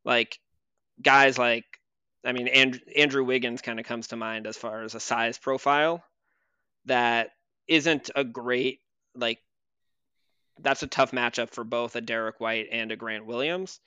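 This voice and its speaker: Man, bright forceful tone, smooth clear voice, dry close sound, casual sports chat. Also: medium pitch, fairly even intonation, measured pace, no echo. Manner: conversational with frequent fillers and restarts. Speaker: podcast co-host.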